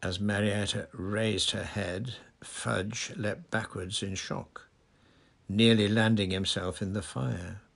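A man reading a story aloud in a measured, plain narrating voice. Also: fairly low pitch, steady tone, gravelly, fairly bright tone. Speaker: audiobook reader.

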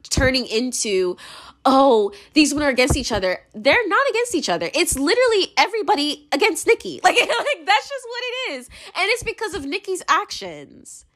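A woman's voice: high voice, a bit bright. A young American woman giving her opinions in a casual monologue, rambling, blunt and profane, with lots of "like". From United States. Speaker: commentator.

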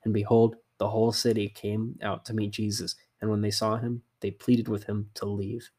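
Man reading scripture in a low, even voice. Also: moderate pace, slightly rough. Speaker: scripture reader. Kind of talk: steady scripted Bible reading.

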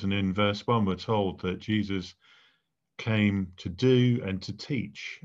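Slow, measured vicar, lo-fi. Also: male voice, fairly low pitch, a little mellow. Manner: measured, deliberate, with pauses between phrases. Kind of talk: sermon. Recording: dull lo-fi recording.

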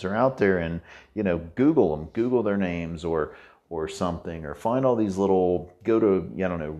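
Deep-voiced man giving an earnest pep talk. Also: a little mellow. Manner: earnest, encouraging, repetitive, casual with mild swearing. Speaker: podcast host. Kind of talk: motivational monologue.

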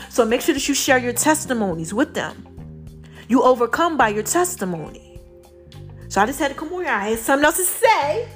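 Choked-up woman testifying, high voice. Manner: emphatic, repeats for stress, preachy encouragement. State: tight, constricted throat, a little choked up. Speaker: faith vlogger giving a testimony. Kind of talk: impassioned spoken testimony to viewers.

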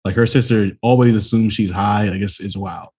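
Give me a husky young man with a low voice talking bluntly on a podcast. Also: normal speed. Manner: relaxed, rambling, blunt. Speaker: podcast co-host. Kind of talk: casual chat.

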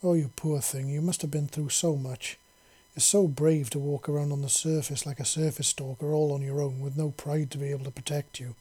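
Gentle, motherly alien doctors who coo and fuss over their patient, as a male narrator puts them on. The voice sits a little high, with a husky, mellow tone. It stays soft and soothing throughout the storybook reading. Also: steady tone, fairly quick, few pauses.

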